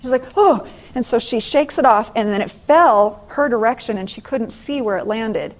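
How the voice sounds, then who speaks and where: A middle-aged woman giving a faith-based motivational class at a conference, telling stories with lively acted-out exclamations. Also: fairly high pitch, moderate pace, poor audio. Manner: animated storytelling, acting out exclamations. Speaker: conference speaker and author.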